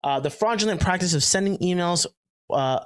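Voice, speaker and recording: A man's voice: sits high, fairly quick, clean tone, no room sound. Joking man in dry close-up sound. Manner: chatty and joking, with frequent fillers and restarts. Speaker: podcast co-host. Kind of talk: casual chat.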